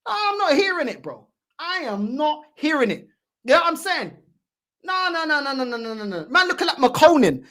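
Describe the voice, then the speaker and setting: A woman's voice: high-pitched, very animated, moderate pace, a bit bright. A woman hosting a fan channel, giving mocking, heated reaction commentary and repeating her points.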